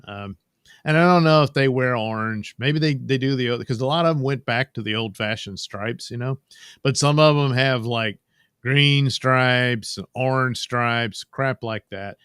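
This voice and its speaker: A man's voice: medium pitch, lively intonation, unhurried, fairly bright tone, no echo, clean studio sound. A man casually narrating his drawing process with rambling, wry, sardonic asides. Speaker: cartoonist and channel host.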